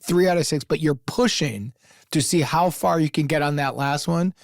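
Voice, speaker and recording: Animated podcast host, higher male voice. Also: moderate pace, gravelly, no echo, clean studio sound. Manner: animated, acts out little scenes, laughs often. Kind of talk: casual comedic advice chat.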